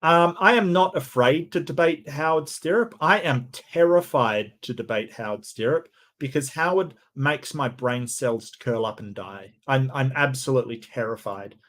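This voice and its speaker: A man's voice: mid-range voice, moderate pace, few pauses, fairly bright tone. A man hosting a debate review, talking in casual, sarcastic commentary with laughing asides.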